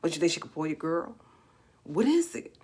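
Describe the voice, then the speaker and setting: A woman with a New York accent and a slightly raspy voice, hosting a live stream and talking emphatically, firing off rhetorical questions. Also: deep voice, sing-song, moderate pace, dark tone. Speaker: livestream host. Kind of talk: casual live commentary.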